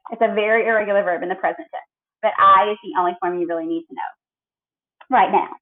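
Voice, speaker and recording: A woman teaching a recorded grammar lesson, explaining patiently and drilling verb forms clearly. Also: medium pitch, fairly even intonation, quick pace. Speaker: Spanish teacher. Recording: tinny phone-like audio.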